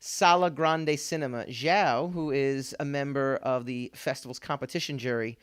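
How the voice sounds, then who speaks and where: A man's voice: mid-range voice, steady tone, normal speed, fairly bright tone, smooth. A man hosting a casual pop culture podcast, rambling with lots of fillers and restarts. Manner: rambling, laughs often, many fillers and restarts. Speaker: podcast host.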